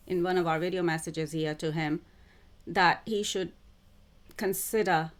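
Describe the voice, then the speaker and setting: A woman talking to camera as a self-described psychic channeler. Her voice sits on the low side, and she speaks very slowly and deliberately, repeating phrases as she goes. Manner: slow, repetitive, deliberate phrasing. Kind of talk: spiritual monologue to camera.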